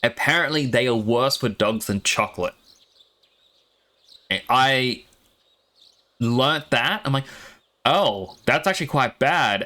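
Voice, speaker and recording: Australian man, young adult, game streamer, casual chat, animated storytelling, bright tone. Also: fairly low pitch. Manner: animated rambling storytelling with laughs.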